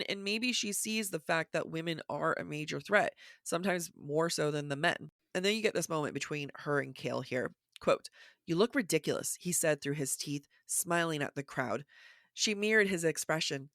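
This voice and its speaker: A woman co-hosting a book podcast in casual chat, her voice raspy from just waking, animatedly quoting passages and thinking aloud. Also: sits low, a bit bright, no echo, clean studio sound. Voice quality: raspy morning voice. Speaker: podcast co-host. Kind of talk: casual literary discussion.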